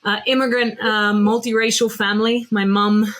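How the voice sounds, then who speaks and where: A woman's voice: a little high, level tone, moderate pace. Middle-aged Australian woman, reflective guest. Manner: warm, reflective, with frequent hesitations. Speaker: podcast guest. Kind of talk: casual interview chat.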